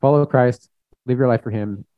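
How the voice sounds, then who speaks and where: A man's voice: medium pitch, moderate pace, no echo. A young man giving a plain-spoken, conversational sermon, reading scripture and acting out quotes. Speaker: preacher. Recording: dull, muffled recording.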